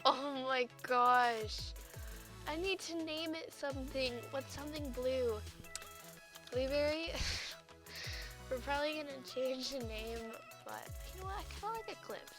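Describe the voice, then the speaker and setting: A young woman with a high voice chats through her gameplay video, easily excited and gushing. Faint music plays underneath. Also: measured pace. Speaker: gaming YouTuber. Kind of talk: casual gameplay commentary.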